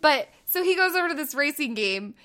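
A woman in her thirties co-hosting a casual chat, a stay-at-home mom who tells animated stories and acts out the voices. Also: sits high, a little fast. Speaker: podcast co-host.

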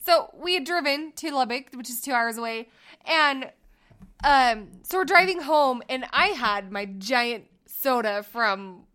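Lively, bright-voiced woman telling stories. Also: sits high, measured pace. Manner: animated storytelling, acts out quotes. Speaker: podcast co-host. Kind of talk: casual chat.

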